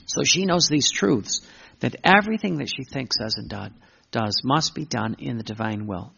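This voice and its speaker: A man's voice: animated, normal speed, creaky, a bit bright, breathy edge. A man preaching a sermon, impassioned, repeating himself and stumbling over words. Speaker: Catholic preacher. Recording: muffled low-fidelity recording.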